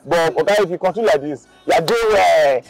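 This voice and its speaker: Man playing a boastful self-proclaimed perfect gentleman, slightly high voice, rambling, self-important. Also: quick pace, vocal fry, soft background music, poor audio. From Nigeria. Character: boastful young man who calls himself the perfect gentleman.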